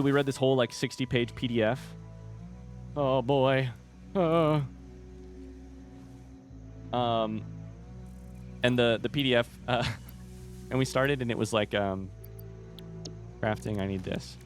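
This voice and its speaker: A man's voice: mid-range voice, takes it slowly, pauses often, soft background music. Chatty young man streaming a game. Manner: chatty, rambling storyteller. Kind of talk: casual chat while gaming.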